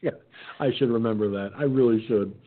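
A man's voice: fairly low pitch, a little fast. A middle-aged man hosting an online radio talk show, telling a funny story in casual chat and acting out the other people's voices. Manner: animated anecdote-telling, acting out quotes. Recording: tinny phone-like line.

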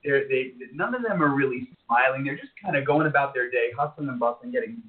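A man's voice: mid-range voice, fairly quick, slightly rough. A man from New York City, a wellness practitioner guest, telling stories animatedly with plenty of "you know" fillers over a computer mic. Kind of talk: casual interview talk. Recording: phone-like computer call.

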